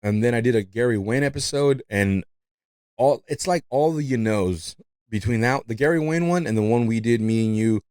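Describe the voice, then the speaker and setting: A man whose first language isn't English hosts a podcast, speaking at a moderate pace in a smooth, darkish, medium-pitched voice. The studio recording is echo-free, and his casual talk wanders, full of fillers, repeated "you know," and frequent laughs.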